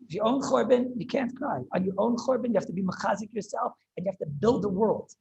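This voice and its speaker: A man, a rabbi, giving an impassioned Torah lecture over a video call, often halting and repeating words as he searches for them. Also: high voice, creaky, a little mellow, muffled recording, slight background noise. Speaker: rabbi teaching a class.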